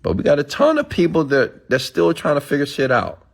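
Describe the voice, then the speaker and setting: A man's voice: on the high side, wildly swooping pitch, brisk, creaky. A man ranting emphatically on a live stream, answering chat comments and preaching to his followers with repeated "okay?"s.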